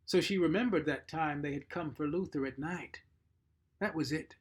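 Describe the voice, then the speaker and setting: A man reading a short story aloud, measured and expressive. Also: on the high side, breathy edge. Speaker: narrator.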